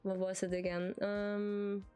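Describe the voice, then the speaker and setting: A woman's voice: medium pitch, level tone, slow pace, warm tone, clear, resonant tone, soft background music. A woman streamer with a German accent, a native German speaker, chatting casually in English with lots of hesitations and giggles. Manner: hesitant, giggly, many fillers and restarts. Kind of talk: casual live-stream chat.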